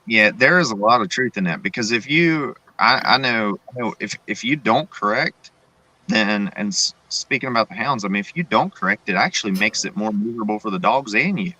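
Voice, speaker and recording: A middle-aged man in casual chat, agreeable and halting, often restarting his sentences. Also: lowish voice, expressive, sharp tone, dry recording, poor audio. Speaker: podcast co-host.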